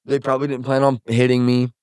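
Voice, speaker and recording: A man's voice: mid-range voice, completely flat delivery, fast, a little mellow, clean tone, no room sound, studio quality. A young man from Missouri, a musician guest, telling a story casually and acting out quotes with lots of swearing.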